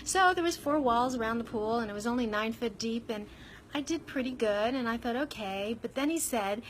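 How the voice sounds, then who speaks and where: A woman with a fairly high voice tells a personal story straight to her viewers. Her delivery is candid and conversational, with an animated lilt as she recounts events. A faint hiss sits under the recording. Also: rough recording. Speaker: vlogger.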